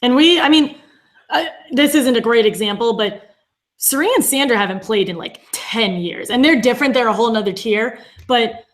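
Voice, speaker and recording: A woman's voice: on the high side, normal speed. A young woman co-hosting a casual live podcast, chatty and agreeable, with frequent fillers. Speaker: co-host of a reality show podcast. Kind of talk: casual live-stream chat.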